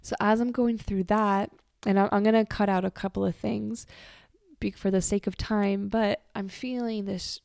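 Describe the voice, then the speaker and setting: A woman's voice: mid-range voice, steady tone, normal speed, gravelly, darkish tone, no room sound, studio quality. A woman hosting a podcast, telling a personal story in a candid, confessional way, swearing casually and wandering off on side tangents. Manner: rambling with side tangents and restarts. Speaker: podcast host.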